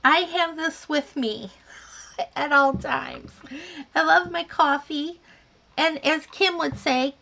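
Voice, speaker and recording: Slow-talking high-voiced woman. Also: gravelly, sharp tone. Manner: chatty, calls viewers dear, sweetheart and honey. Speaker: yarn crafting livestream host. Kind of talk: casual live chat reading viewer comments.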